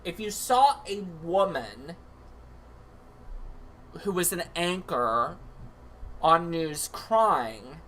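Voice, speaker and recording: A man's voice: fairly high pitch, sing-song, very slow, long pauses, fairly bright tone, a little hiss or hum. A man hosting a livestream, chatting in a campy, comedic way with lots of asides. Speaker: livestream host. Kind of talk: casual comedic commentary.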